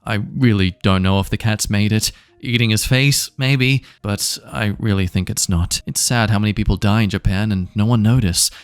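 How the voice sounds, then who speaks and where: A man's voice: lowish voice, steady tone, moderate pace, hardly any pauses, clear, resonant tone, dry recording. A man, his voice worn and giving out, reading online stories aloud with plain, wry commentary as a channel host.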